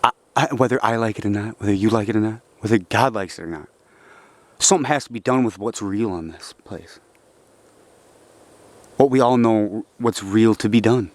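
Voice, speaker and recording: A young man in a rambling, profane monologue, agitated and preachy, dropping to low, frustrated mutters. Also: moderate pace, long pauses, dry recording. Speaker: vlogger.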